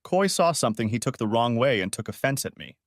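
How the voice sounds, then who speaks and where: A man's voice: medium pitch, very animated, fast, no room sound, clean studio sound. Man putting on a sobbing young daughter. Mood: tearful. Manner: sobbing, pleading. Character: tearful young adult daughter.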